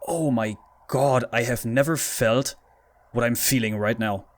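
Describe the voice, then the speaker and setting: A man's voice: medium pitch, measured pace. A frightened man commentating a horror game playthrough, pleading with the game and talking to himself. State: scared, shaky. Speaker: gaming YouTuber.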